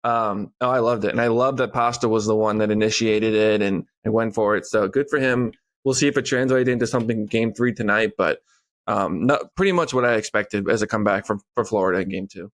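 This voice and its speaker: Fast-talking man breaking down games. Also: lowish voice. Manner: rapid, relaxed analysis with frequent fillers. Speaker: podcast co-host. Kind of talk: casual sports chat.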